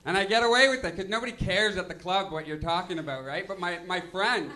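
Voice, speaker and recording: Bright-voiced young comic. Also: male voice, sits high, quick pace. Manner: self-deprecating, loose, filler-heavy delivery. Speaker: stand-up comedian. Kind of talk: stand-up comedy set. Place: comedy lounge stage.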